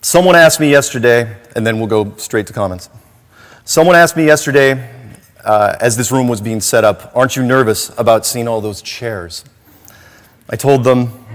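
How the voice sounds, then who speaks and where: A man's voice: medium pitch, normal speed. A man speaking to a large live audience at a conference, emotional and grateful, laughing and restarting his sentences. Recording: conference hall reverb.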